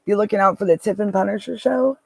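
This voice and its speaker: A man's voice: sits high, fast talker, gravelly, a little mellow, husky, dry recording. A man hosting a casual livestream from his car, rambling and answering viewer comments with many restarts. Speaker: livestream host. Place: parked car.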